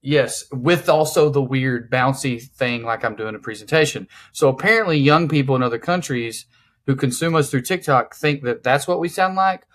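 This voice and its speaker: A man's voice: medium pitch, normal speed, a bit bright. A man hosting a podcast, explaining things in a rambling way full of "like". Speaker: podcast host. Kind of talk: casual podcast chat.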